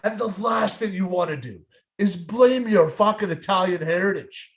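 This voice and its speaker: Brash, high-voiced man, swearing freely. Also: expressive, normal speed, a bit bright. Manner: brash, profane, jokey, slangy. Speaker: podcast co-host. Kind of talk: casual chat.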